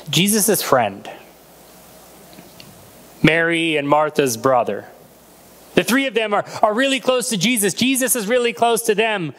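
A man's voice: high-pitched, fairly bright tone. A man preaching a sermon as a pastor, retelling a Bible story and acting out the voices in it.

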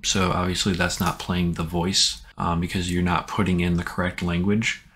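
Man, very deep voice, tech tutorial host, casual step-by-step instructions, relaxed. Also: normal speed. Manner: relaxed, plain instructions with frequent "um" and "so".

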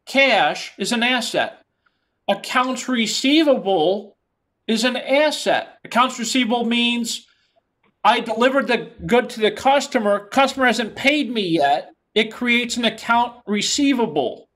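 A lecturer with a New York accent teaches in a classroom. The voice is mid-pitched and the delivery is plain and explanatory. Key terms are said again and again. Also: animated, measured pace, a bit bright.

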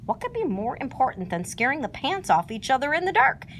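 A boisterous, bouncing storybook tiger, as a woman puts him on. He whoops and exclaims in a high, swooping, exuberant voice. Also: big pitch swings, a little fast, fairly bright tone, slight background noise. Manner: exuberant, laughing.

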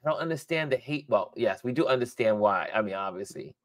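A male livestream host talks in a loose, rambling way, working things out aloud and breaking into laughter often. His voice sits at an ordinary middle pitch. The sound is dry and close, with no room around it. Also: animated, brisk, dry recording. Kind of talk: casual livestream chat.

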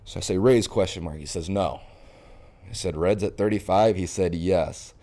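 Deep-voiced and talking at a normal speed, a young man from Florida guests on a podcast. The baseball catcher spins stories in a relaxed interview, performing the quoted lines with animated flair.

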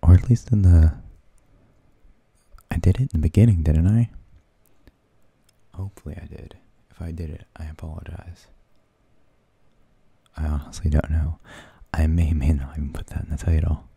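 A man rambling in soft-spoken ASMR, half-whispering and hesitating as he searches for words. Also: a bass voice, steady tone, normal speed, gravelly, long pauses, husky, no echo. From United States. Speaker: ASMR channel host.

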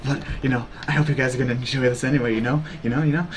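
A man's voice: mid-range voice, fairly even intonation, racing, a little hiss or hum. A young man with a sore throat chatting casually to his livestream viewers, rambling and repeating fillers. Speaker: streamer.

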